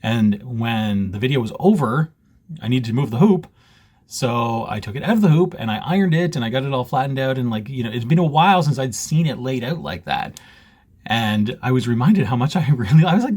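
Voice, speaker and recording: Husky-voiced joking man. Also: medium pitch, lively intonation, fairly quick, darkish tone. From Canada. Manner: chatty, laughs often, joking and self-mocking. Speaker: cross-stitch vlogger. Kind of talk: casual chat to camera. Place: home basement.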